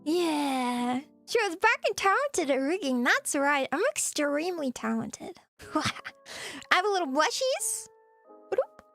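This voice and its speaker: A woman with a high, bright pitch chats casually on a live stream, playful and giggly, slipping into cutesy teasing. Soft background music plays faintly underneath her. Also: big pitch swings, slow pace. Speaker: VTuber streamer.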